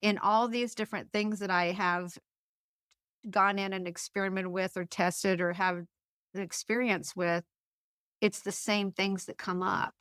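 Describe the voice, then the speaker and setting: Heard in a clean, echo-free studio recording, this woman's voice is mid-range, fairly bright, clear, and resonant, with fairly even intonation and a measured pace. As an author guesting on a conversational interview, she shares personal stories in a chatty way, full of fillers and restarts.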